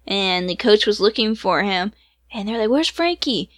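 A woman's voice: medium pitch, steady tone, normal speed, a bit bright. A woman in her thirties co-hosting a podcast, telling stories in casual chat and laughing easily. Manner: chatty storyteller, laughs easily. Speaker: podcast co-host.

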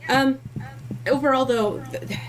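A woman co-hosting a podcast, chatting casually about a film in a blunt, animated way and swearing freely. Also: high voice, takes it slowly. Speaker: podcast co-host. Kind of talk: casual movie review chat.

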